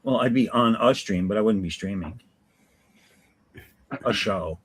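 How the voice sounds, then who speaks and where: A man hosting a relaxed live drawing stream, joking and rambling in casual chat with a friend. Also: fairly low pitch, a little slow, breathy edge. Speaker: comic artist streamer.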